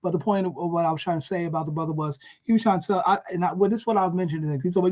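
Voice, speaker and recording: High-pitched man, vlogger mid-rant, profane and mocking, keeps circling back. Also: rapid-fire, few pauses. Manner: animated, profane, repetitive, mocking.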